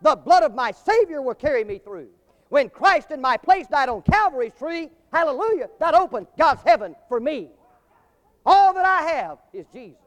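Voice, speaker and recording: A man preaching a sermon in a swelling cadence that rises to loud climaxes. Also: extremely high pitch, very animated, normal speed. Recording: long hall reverb.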